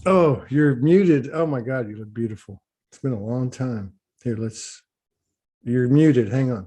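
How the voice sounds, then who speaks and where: A man's voice: medium pitch, unhurried, warm tone, husky. A man hosting an online spiritual talk livestream, speaking casually and emotionally, rambling with restarts as he greets a guest on a video call.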